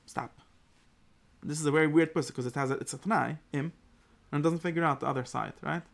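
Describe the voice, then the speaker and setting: Animated gravelly man teaching a Torah class. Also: a little high, fast talker. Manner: animated, acts out the verse in God's voice.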